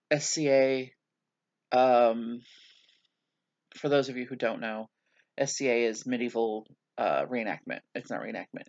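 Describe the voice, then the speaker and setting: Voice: mid-range voice, highs cut off. A vlogger talking through a casual video journal, rambling and self-mocking, with many hesitations and restarts.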